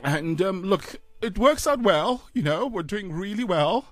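A South African man in his thirties, a radio co-host, telling a personal story in a halting, choked-up way with sighs and fillers. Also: high-pitched, animated, a bit bright, no echo, studio quality, soft background music. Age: 30s.

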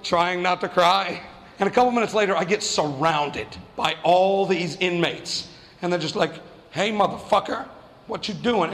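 A man's voice: high-pitched, a bit bright. A young man doing stand-up, telling a story in a conversational, self-mocking way with lots of fillers, on a comedy club stage. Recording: long hall reverb, faint noise.

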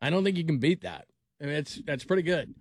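A male sports radio host in casual chat, talking in a slightly high voice. He rambles and jokes, stumbles and restarts his sentences, and sounds dry and close to the mic. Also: lively intonation, quick pace, a little mellow, no echo. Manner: rambling, jokey, many restarts.

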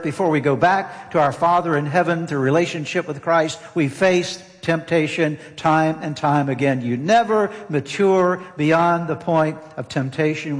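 Earnest preacher man in a reverberant hall. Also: fairly high pitch. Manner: earnest, emphatic, repeats key phrases. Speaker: pastor. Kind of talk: sermon.

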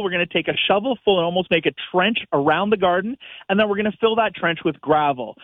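A man's voice: a little high, no room sound. A man giving practical, step-by-step gardening advice as a guest on a call-in radio show, heard over a phone line. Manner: practical, upbeat, explains step by step.

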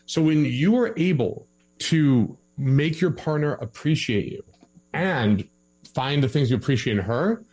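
A man giving relationship advice in a casual podcast conversation, animated and acting out both sides of an argument. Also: medium pitch, a little slow, breathy edge.

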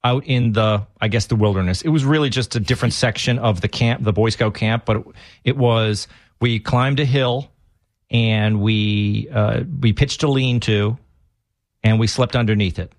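A man's voice: fairly low pitch, normal speed, dry recording, studio quality. Rambling man with a Massachusetts accent. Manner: rambling storyteller, many restarts. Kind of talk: casual chat.

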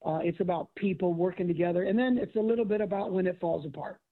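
A man's voice: sits high, fast talker. A middle-aged man, a former football coach and author, telling stories in casual conversation and acting out quotes. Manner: animated storyteller acting out quotes. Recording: tinny phone-like audio.

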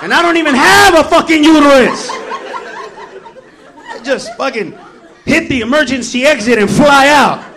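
A male stand-up comedian who swings between profane shouted rants and quiet, mock-serious asides, performing on a comedy club stage. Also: very high voice, normal speed, long pauses, some chatter behind.

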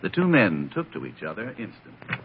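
A man giving measured, wry, literary narration for a radio drama. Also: low voice, wildly swooping pitch, background noise. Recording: lo-fi vintage radio broadcast.

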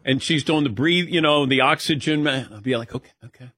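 A man hosting casual talk radio banter, telling animated stories and mimicking other people in quotes. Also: a little high, brisk, dry recording, studio quality. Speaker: radio show host.

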